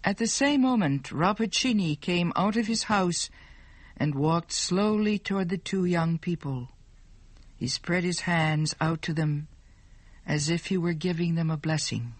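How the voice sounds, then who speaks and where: A woman narrating a story in a slow, clear, deliberate way. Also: lowish voice, dry recording.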